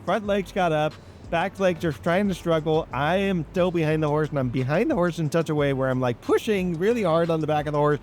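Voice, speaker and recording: A man's voice: a little high, a little fast, a little mellow, a little hiss or hum. A man hosting a train-simulator gameplay video, chatting casually and telling rambling stories straight to his viewers. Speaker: gaming channel host. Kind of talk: casual gameplay chat and storytelling.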